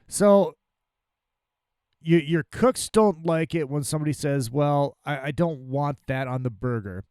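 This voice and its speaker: A podcast host ranting angrily and profanely about a restaurant, full of exasperation. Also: male voice, mid-range voice, normal speed, darkish tone, clear, resonant tone, no room sound, studio quality.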